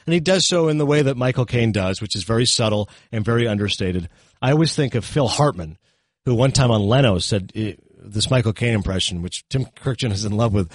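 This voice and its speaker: A man's voice: lowish voice, no echo. Chatty man reviewing films, dry sound. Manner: chatty, animated, quick asides and self-corrections. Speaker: film reviewer on a talk show. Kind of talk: casual film review chat.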